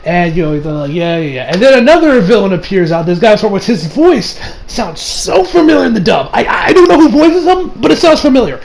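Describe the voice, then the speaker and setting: A man's voice: sits high, sing-song, fairly quick, gravelly, hardly any pauses, a little mellow, a little hiss or hum, rough recording. A young man casually recapping an anime episode, rambling with lots of fillers and laughs. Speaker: anime reviewer.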